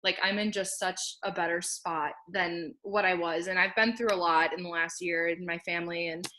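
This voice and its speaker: Her voice is lowish, steady and sharp, and she speaks at a moderate pace. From home, this young woman gives a casual personal testimonial about her success, staying upbeat and chatty, laughing a lot and often saying "like."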